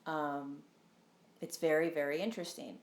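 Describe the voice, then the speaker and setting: Her voice is deep and steady, moving at a normal speed through an echoey room. She's a spiritual teacher on a live stream recorded by phone, talking casually and rambling earnestly with plenty of ums and tag questions.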